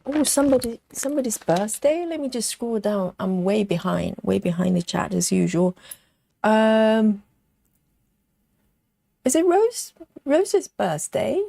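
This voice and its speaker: A woman's voice: fairly high pitch, big pitch swings, a little slow, vocal fry, warm tone, no room sound, studio quality. A woman hosting a live stitching stream in a casual chatty way. She reads viewers' comments aloud and counts stitches as she works. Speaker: livestream host stitching live.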